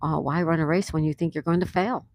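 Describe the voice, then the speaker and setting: Speaking fast in a low, steady voice, a woman from the USA runs a casual livestream outdoors. She reads comments from viewers out loud and answers them in a warm, chatty way.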